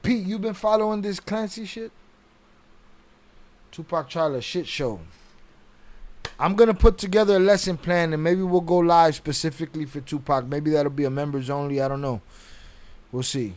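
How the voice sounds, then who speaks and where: A man's voice: fairly high pitch, normal speed, long pauses, a little mellow. Blunt profane male stream host. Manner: profane, blunt, laughs often. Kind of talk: casual live-stream commentary, reading chat.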